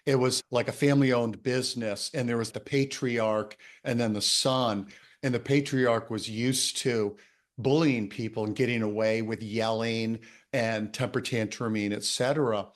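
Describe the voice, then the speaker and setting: A man tells a workplace story in a relaxed conversation. His voice sits at a middle pitch. He is animated and laughs often while he talks. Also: moderate pace. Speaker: coach and author.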